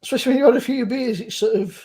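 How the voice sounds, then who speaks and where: A man's voice: very high voice, very fast, mellow, slightly rough. A young man with a Bristol accent hosting a casual chat over beers, rambling, laid-back and swearing freely. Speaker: podcast host.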